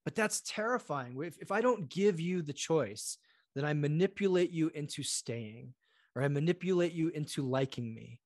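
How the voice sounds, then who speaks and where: On a podcast as a guest, a man with a fairly high voice tells stories at a moderate pace in a conversational interview. He animatedly acts out the voices of the people in them, and the sound is clean studio audio with no echo.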